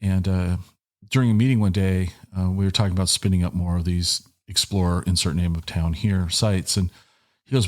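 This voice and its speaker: A man's voice: sits low, steady tone, moderate pace. A middle-aged man hosting a casual podcast from a small office, speaking into a headset microphone and rambling with jokes and restarts. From Washington State. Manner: rambling, self-interrupting, joking. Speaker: podcast host. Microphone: headset and studio microphone.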